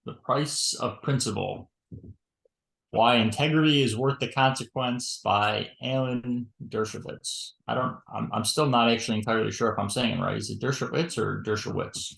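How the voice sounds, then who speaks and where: A man's voice: medium pitch, normal speed, gravelly, fairly bright tone. A man co-hosting a podcast in casual chat, rambling through his points with many fillers. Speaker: podcast co-host. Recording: roomy echo.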